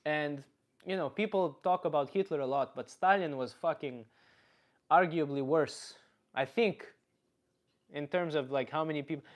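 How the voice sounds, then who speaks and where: Man, live stream chatter, rambling and profane, slightly high voice. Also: moderate pace. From Canada. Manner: rambling, profane, reads chat aloud. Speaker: comedian streamer. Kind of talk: casual live stream chat.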